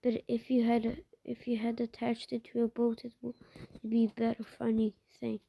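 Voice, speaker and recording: A woman's voice: fairly high pitch, monotone, moderate pace, vocal fry, dark tone, breathy edge, no room sound. A woman giving casual gameplay commentary, swearing a lot and often dropping into muttered whispers. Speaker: gamer.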